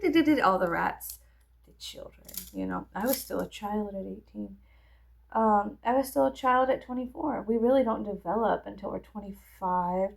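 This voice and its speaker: A woman's voice: mid-range voice, creaky, a little mellow. A woman in her thirties chatting casually while getting ready, rambling and joking with lots of profanity. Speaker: vlogger. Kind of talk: casual get-ready-with-me chat.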